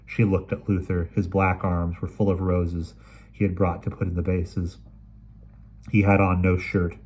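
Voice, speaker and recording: A man reading a short story aloud in a measured, expressive way. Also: low voice, breathy edge. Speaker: reader.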